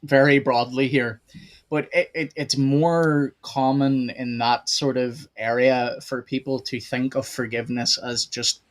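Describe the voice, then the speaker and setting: A man's voice: medium pitch, little pitch movement, a little slow. A man with an Irish accent hosting a casual theology podcast, asking long, rambling questions. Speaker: podcast host.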